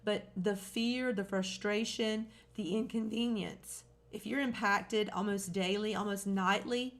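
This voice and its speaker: A woman with a Southern US accent co-hosting a live talk show. She makes her points in a measured, deliberate way. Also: mid-range voice, steady tone. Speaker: co-host. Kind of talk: casual live-stream talk.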